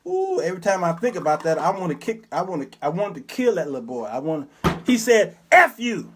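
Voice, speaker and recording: Man in his fifties, high-pitched for a man, show host, preacherly storyteller, acts out characters. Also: sing-song, fast, background noise. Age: 50s. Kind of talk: commentary monologue with storytelling.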